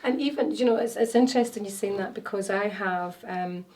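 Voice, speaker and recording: A woman's voice: medium pitch, fairly quick, a little mellow. A woman, telling stories as an interview guest, with many fillers and restarts. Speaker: wellness consultant guest. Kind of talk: casual interview chat. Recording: voice a bit far from mic.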